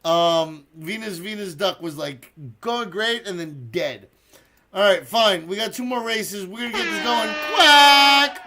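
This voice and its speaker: A man's voice: high voice, animated, unhurried, slight background noise. A man hosting a casual live stream, chatting with viewers and calling a duck race, swearing freely and quacking to cheer them on. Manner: quacks loudly to cheer races. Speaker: streamer hosting a community server.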